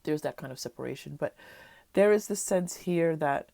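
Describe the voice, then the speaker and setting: A woman with a stuffy, nasal voice from a cold, giving a gentle, reassuring pick-a-card tarot reading. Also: low-pitched, lively intonation, normal speed, creaky, no room sound. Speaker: tarot reader.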